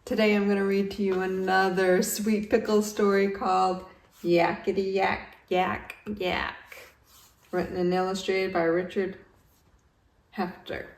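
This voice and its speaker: A woman reading a storybook aloud to children and pausing to ask them questions. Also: medium pitch, flat delivery. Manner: gentle, asks the listening children questions. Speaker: storytime reader. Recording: roomy, distant home recording.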